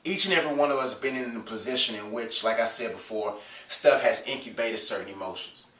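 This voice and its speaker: A congested man gives earnest, preachy advice about faith and emotions, pausing on fillers as he goes. He stands off the mic, and the room around him rings with echo. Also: mid-range voice, fairly bright tone, distant mic. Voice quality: nasal. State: stuffed up from a cold. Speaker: Christian video host. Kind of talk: casual faith advice talk.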